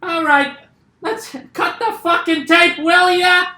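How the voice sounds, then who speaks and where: A man's voice: very high voice, slow, pushed and bright, voice pushed up, full character voice. A man putting on an impression of a brash, swearing middle-aged male comedian in a rambling rant. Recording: roomy echo.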